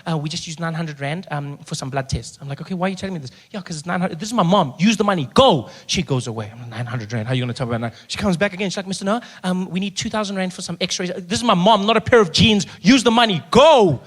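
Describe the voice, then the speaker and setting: A South African man telling a story on a comedy stage, his voice pitched high and running quickly. He slips in and out of the people in his tale and bursts into loud shouts at their antics. He is heard through a handheld stage mic. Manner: animated, acts out characters with sudden loud outbursts. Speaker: stand-up comedian. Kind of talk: stand-up storytelling. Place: theater stage before a live audience.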